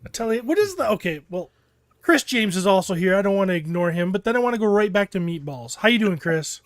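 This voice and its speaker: Brief: male host, high voice, dry close sound, playful banter. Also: animated, fast, dry recording. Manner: joking, playful. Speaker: podcast host. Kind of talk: casual chat.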